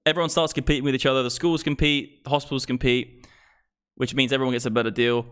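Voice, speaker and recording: Fast and smooth, his mid-range voice stays fairly flat in pitch and carries a slight brightness. A young crypto livestream host swears his way through a fired-up political rant into his streaming microphone.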